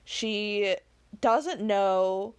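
A woman's voice: medium pitch, extremely slow, smooth. A woman reading a novel aloud, then talking it over in a chatty way, thinking aloud with fillers. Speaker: reader and commentator. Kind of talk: casual commentary on a novel.

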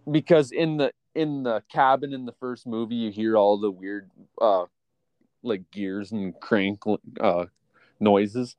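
A man co-hosting a podcast in casual chat, rambling with lots of fillers as he talks like an excited fan. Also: fairly low pitch, slow, clear, resonant tone, no echo. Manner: rambling, filler-heavy, enthusiastic fan talk. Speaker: podcast co-host.

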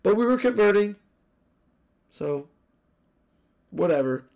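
A man hosting a solo sports podcast, recapping a college football game with animated, profane rants. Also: sits high, slow, gravelly. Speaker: podcast host.

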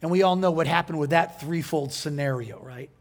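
Male pastor with a high voice, preaching in a conversational style and quizzing the congregation. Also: brisk. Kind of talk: sermon.

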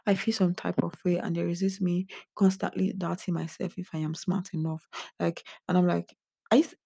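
Drained young woman vlogging, gravelly voice. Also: fairly low pitch, flat delivery, moderate pace, warm tone, no room sound, studio quality. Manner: earnest and confiding, talks straight to viewers. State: emotionally drained. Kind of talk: candid personal vlog.

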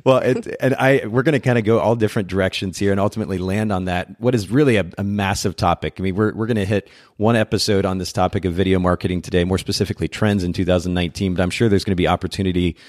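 A man's voice: low voice, fairly even intonation, fast talker, few pauses, a little mellow, dry recording, clean studio sound. A man hosting a podcast in a chatty way, often restarting and rambling as he talks with his guest. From Japan. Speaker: podcast host. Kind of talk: casual podcast interview.

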